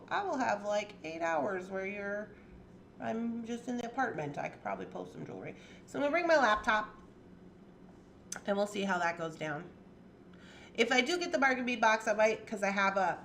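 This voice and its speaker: Chatty lady on a crafting livestream, voice bounces all over, little hum behind her. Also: mid-range voice. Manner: chatty, laughs often, lively and playful. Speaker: jewelry-making livestream host. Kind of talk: casual chat.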